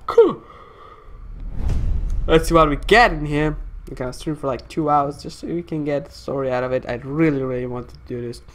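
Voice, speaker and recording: A woman's voice: extremely low pitch, little pitch movement, brisk. A woman streamer giving casual game commentary, chatty and reading on-screen text aloud with fillers.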